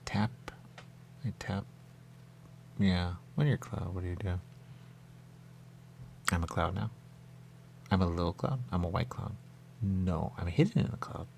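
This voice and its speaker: A man's voice: deep voice, unhurried, vocal fry, long pauses, darkish tone, slight background noise. A man on a radio talk show, musing aloud in a repetitive, meandering solo monologue.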